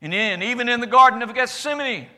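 A man preaching in the first person as Jesus, a calm and certain adult man, with a declamatory delivery whose loudness rises and falls. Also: very high voice, fast talker, exaggerated voice. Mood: solemn. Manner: declamatory, rising and falling loudness. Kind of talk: first-person sermon monologue.

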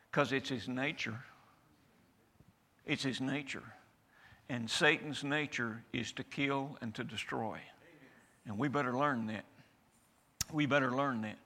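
A man's voice: medium pitch, a little slow, pauses often, pushed and bright. A man preaching a sermon to a church congregation in a folksy, emphatic way, often asking for an amen.

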